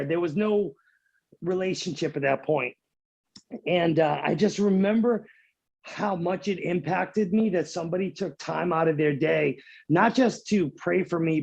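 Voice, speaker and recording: A man in his thirties, a podcast guest, telling a personal story in an animated way and repeating his words. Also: fairly high pitch, gravelly, husky. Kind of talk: casual storytelling interview.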